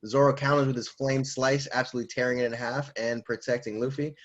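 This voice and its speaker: A man's voice: medium pitch, fast, muffled recording. Man animatedly retelling a comic. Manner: animated, laughing, acts out lines. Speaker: manga reviewer. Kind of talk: casual comic read-through.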